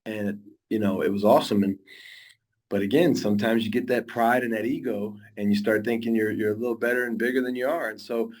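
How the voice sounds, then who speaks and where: Earnest low-voiced football coach. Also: male voice, steady tone, fairly quick, a little mellow. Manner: earnest, rambling, many restarts. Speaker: high school football coach. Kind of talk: casual interview talk.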